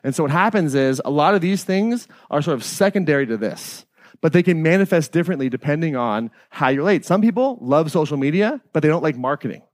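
A man's voice: on the high side, animated, brisk, no room sound, studio quality. Casual, profane man leading a workshop. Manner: casual, profane, asks the audience "right?" and "who follows?". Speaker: workshop leader. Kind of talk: live workshop talk. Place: live workshop venue.

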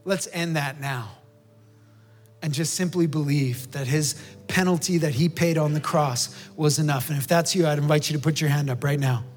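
A man's voice: on the high side, moderate pace, big-room sound, soft background music. A man preaching a sermon, earnestly urging the congregation and leading a prayer in a church. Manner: earnest, urging, repeats short pleas. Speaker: pastor. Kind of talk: sermon with altar call and prayer. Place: church sanctuary with balcony.

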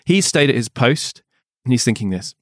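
Lively, playful man reading aloud. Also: medium pitch, moderate pace, no room sound, clean studio sound. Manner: playful, breaks into laughter and silly chants. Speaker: podcast host reading a novel aloud. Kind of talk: comic reading and banter.

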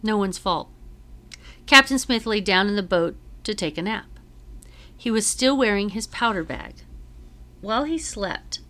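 A woman teacher reading a novel aloud to her class in a measured storytelling voice with dramatic emphasis. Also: mid-range voice, bright, forceful tone.

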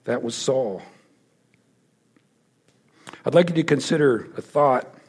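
A man delivers a sermon with a gravelly, slightly husky voice. He tells the story emphatically, then drops his voice to hushed lows for effect. His pitch sits in a middling range for a man. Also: lively intonation, takes it slowly. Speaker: preacher.

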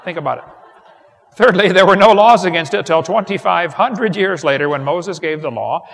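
A man delivers a seminar lecture in a gravelly, slightly raised voice, telling folksy stories that land on punchlines. His words ring with the long reverb of a large hall, as in a live seminar recording. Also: high-pitched, a bit bright. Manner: folksy, joking storyteller who builds to punchlines. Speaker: creationist seminar speaker.

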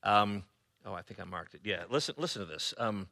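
A man preaching a sermon as pastor, conversational and sarcastic, often pausing on fillers. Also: fairly low pitch, gravelly, bright, forceful tone.

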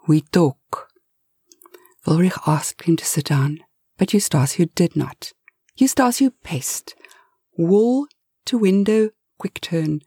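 A woman narrating a bedtime story for adults in a soft, half-whispered delivery. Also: medium pitch, breathy edge, no echo, clean studio sound.

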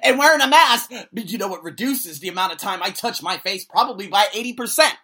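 A man who hosts an ESL podcast, ranting to camera with blunt profanity. He swings between loud outbursts and low muttering. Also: animated, fast talker. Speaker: vlogger and ESL podcast host. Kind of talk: angry opinion rant to camera.

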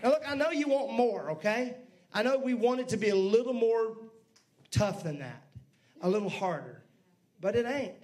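High-voiced preaching pastor. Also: male voice, normal speed. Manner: lively preaching with asides to the congregation. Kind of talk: sermon.

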